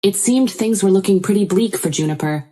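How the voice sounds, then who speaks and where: A woman narrating a first-person story in an even, measured way. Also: medium pitch.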